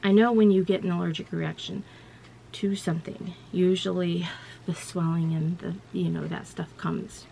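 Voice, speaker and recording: Her low, gravelly voice is mellow, steady in tone, and moderately paced as this woman vlogger wanders through a personal story in casual chat. She leans on "you know" and "like," and a faint ambient hum sits underneath.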